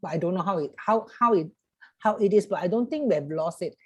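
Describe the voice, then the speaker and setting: A woman's voice: fairly low pitch, expressive, a little fast, husky, no echo, low-quality recording. Older Singaporean woman chatting on a panel. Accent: Singaporean English. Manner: chatty, Singlish particles and laughs. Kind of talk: casual panel talk.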